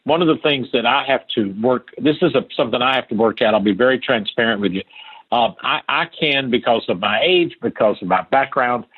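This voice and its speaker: A man's voice: medium pitch, expressive, fairly quick, slightly rough. An older man from Appalachia, a podcast guest telling stories in an earnest, emphatic way, repeating phrases for stress. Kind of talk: storytelling interview talk. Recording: tinny phone-like line.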